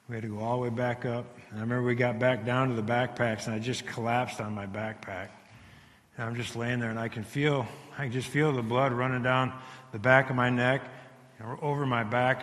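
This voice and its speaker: A man telling a dramatic survival story to a live audience, halting and repeating words as he swings between hushed and loud. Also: medium pitch. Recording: long hall reverb.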